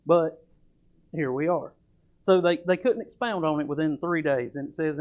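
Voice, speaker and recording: A man's voice: a little high, brisk, darkish tone. A man preaching a sermon at a church service. He talks in a folksy, emphatic way and reads old scripture aloud. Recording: dull lo-fi church recording.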